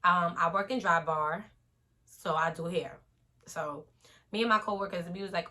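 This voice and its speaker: A young woman, telling an animated casual storytime vlog straight to her viewers. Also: fairly low pitch, normal speed.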